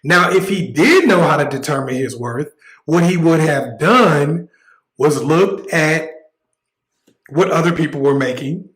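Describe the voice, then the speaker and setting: A man's voice: a little high, animated, unhurried, fairly bright tone. Male livestream host, blunt and joking, raised voice, roomy sound. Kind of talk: casual livestream commentary.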